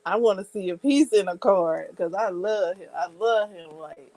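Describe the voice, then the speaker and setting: A woman's voice: on the low side, normal speed, mellow, no room sound, poor audio. A woman vlogger in casual chat, rambling and giggling, with many hesitant fillers.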